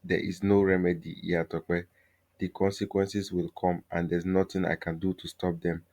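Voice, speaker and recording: A grave old herbalist with a cold, unbending manner, as a male storyteller reads him. The voice sits very low and speaks like an elder delivering bad news in a storybook tale. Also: level tone, normal speed, darkish tone, no room sound, lightly acted.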